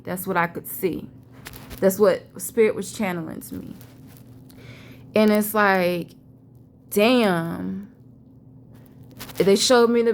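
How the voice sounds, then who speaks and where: A woman vlogger with a mid-range voice tells a rambling, profane, emphatic story about a vision she had, with a little hiss or hum in the background. It's a casual storytelling monologue from a spiritual vlogger.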